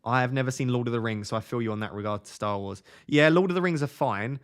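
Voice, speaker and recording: A man's voice: medium pitch, fast, smooth. A man in his twenties on a casual live stream, reading viewers' comments aloud and answering them. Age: 20s.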